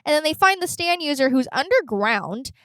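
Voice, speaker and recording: Animated young woman, crude joking, dry mic. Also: high-pitched, moderate pace, no echo. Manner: animated storyteller, crude humor, acts out characters. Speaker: podcast co-host. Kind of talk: casual chat.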